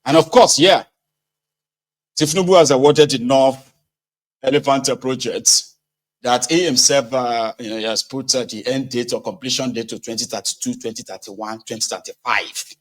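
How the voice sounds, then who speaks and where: A man's voice: medium pitch, moderate pace. Nigerian man, casual political commentary, sarcastic, conversational. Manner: conversational, sarcastic, mixes in pidgin.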